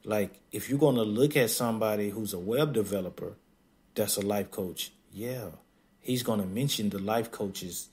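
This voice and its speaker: A man with a somewhat low voice talks straight into a podcast mic. He is blunt and emphatic and laughs often, slipping into quick mocking impressions of other people. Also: darkish tone. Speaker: podcast host. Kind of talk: casual podcast monologue.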